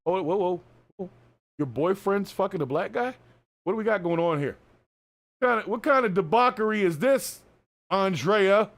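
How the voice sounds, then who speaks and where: A man's voice: high voice, lively intonation, moderate pace, long pauses. A man hosting a reaction video, talking through the clip in a casual, sarcastic and scolding way. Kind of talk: casual commentary.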